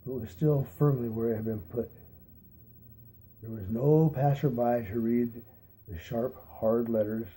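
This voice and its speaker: Mellow-voiced man reading a novel aloud. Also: medium pitch, steady tone. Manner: unhurried, re-reads stumbles aloud. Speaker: reader.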